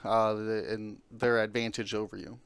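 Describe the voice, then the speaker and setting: A man's voice: on the low side, level tone, moderate pace, gravelly, fairly bright tone, clear, resonant tone, no echo. A man hosting a casual podcast, talking through game lists with many fillers. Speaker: podcast host.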